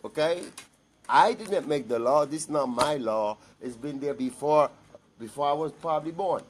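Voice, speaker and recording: A man's voice: a little high, moderate pace. A man giving a blunt, emphatic personal monologue to camera, repeating himself for stress.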